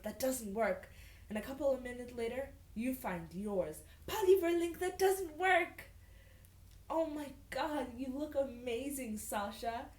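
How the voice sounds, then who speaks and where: Slow-talking sarcastic young woman reading. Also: mid-range voice, echoey room, low-quality recording. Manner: sarcastic, incredulous asides. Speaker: vlogger reading fan fiction aloud. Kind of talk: mocking dramatic reading.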